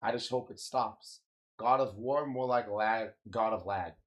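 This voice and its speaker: A young man chatting casually on a live stream, slangy and swearing, venting about lag and reacting with drawn-out "wow"s. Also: on the low side. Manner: loose, slangy, swears often, exclaims "wow" a lot; frustrated, ranting about lag.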